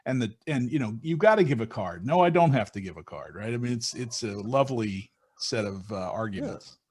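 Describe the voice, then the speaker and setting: A man at a medium pitch hosts a relaxed conversational interview. He mostly nods along with short affirmations, then offers his own easygoing thoughts on the games. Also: brisk, breathy edge. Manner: relaxed, agreeable, brief affirmations. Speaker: interviewer, host.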